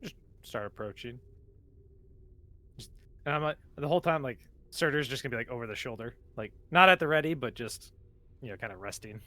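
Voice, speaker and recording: Bright hesitant tabletop player, man. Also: mid-range voice, expressive, a little fast. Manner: hesitant, with many fillers. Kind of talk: casual tabletop play.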